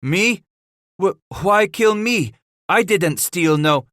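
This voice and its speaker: A man's voice: high-pitched, expressive, slow pace, fairly bright tone, dry recording, clean studio sound, pitched above the performer's own voice, full character voice. Man doing a flustered French trader. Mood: frightened. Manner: flustered, stammering, pleading. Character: nervous male French trading-post keeper.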